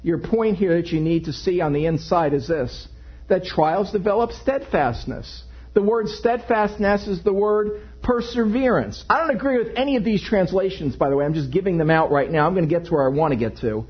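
A male pastor preaching a sermon to his congregation, animated and joking in asides. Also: high-pitched, fairly quick, husky. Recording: dull lo-fi recording.

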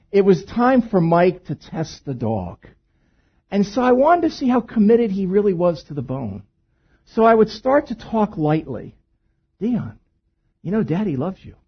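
Male pastor, animated husky storyteller, slightly muffled recording. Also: high-pitched, a little slow. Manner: storytelling with humor, swinging between hushed and loud. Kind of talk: sermon.

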